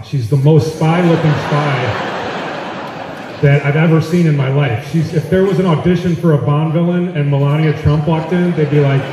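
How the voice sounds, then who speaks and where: A man's voice: a little high, background noise. A man doing stand-up comedy in a large auditorium with a brash, profane, punchy delivery, captured on a phone in the audience. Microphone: phone recording from the audience area. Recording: echoey hall from far off. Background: audience laughter.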